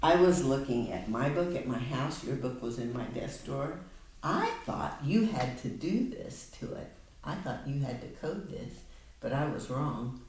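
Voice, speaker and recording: A woman tutoring a child one-on-one in a reading lesson, patient and coaxing, slowing down to model words. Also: very deep voice, expressive, a little mellow, slight background noise. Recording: echoey room, mic at a distance.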